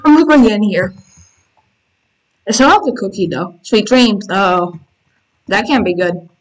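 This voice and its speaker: A woman hosting a gaming channel, giving excitable casual commentary while playing and reading game text aloud, squealing when panicked. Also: medium pitch, a little slow, poor audio. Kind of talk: casual let's-play commentary.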